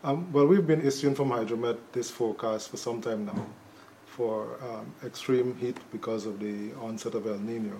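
A man, a chief weather officer, explaining a forecast as an interview guest in a measured way with frequent fillers. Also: mid-range voice, mellow, a little hiss or hum, poor audio.

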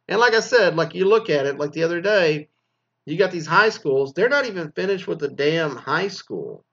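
A man's voice: on the high side, lively intonation, normal speed, fairly bright tone, lo-fi sound. A man who used to teach, ranting casually about school graduations, swearing a lot and rambling with mocking asides. He is from Texas. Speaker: former teacher. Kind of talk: casual profane rant.

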